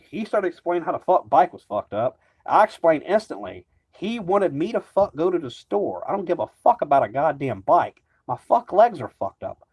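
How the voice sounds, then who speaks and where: A man's voice: on the high side, husky. A man ranting casually to camera, rambling and agitated, swearing constantly. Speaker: vlogger. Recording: dull lo-fi recording.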